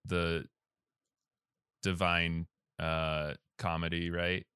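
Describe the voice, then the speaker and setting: A podcast co-host bantering casually, teasing the others with playfully irreverent remarks. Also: female voice, a bass voice, little pitch movement, extremely slow, fairly bright tone, clear, resonant tone, no echo, studio quality.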